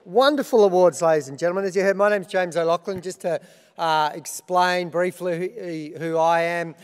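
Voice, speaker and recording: A man's voice: high voice, steady tone, normal speed, clean tone, big-room sound. A middle-aged Australian man hosting an awards ceremony, telling self-deprecating stories with dry punchlines. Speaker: awards host. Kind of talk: comic opening speech.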